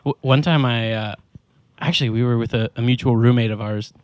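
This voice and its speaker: A man's voice: medium pitch, fairly even intonation, a little fast, darkish tone, smooth, no room sound. Laid-back young man, podcast host. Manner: laid-back, rambling with restarts and laughs. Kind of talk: casual chat.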